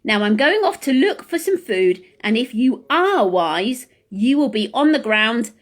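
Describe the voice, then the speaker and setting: A woman's voice: fairly high pitch, very animated, measured pace. A woman voicing a stern mother owl who scolds firmly in a children's storybook reading. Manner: firm, scolding.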